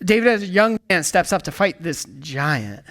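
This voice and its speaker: A man preaching a sermon in an energetic, emphatic way, calling out to the congregation and dropping into hushed low asides. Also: moderate pace. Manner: swings from excited bursts to hushed low asides. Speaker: pastor.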